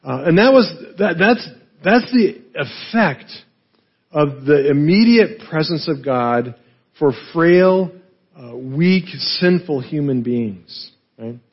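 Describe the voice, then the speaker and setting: A man's voice: on the high side, animated, slow pace, husky, dull audio. A man preaching a teaching sermon, explaining as he goes with frequent "right?" and filler words. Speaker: pastor.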